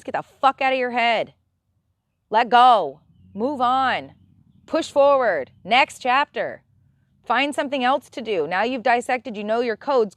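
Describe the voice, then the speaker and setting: Woman host, higher voice, blunt and profane, casual ranting delivery, dry close sound. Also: no echo. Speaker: live stream host. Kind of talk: casual spiritual rant.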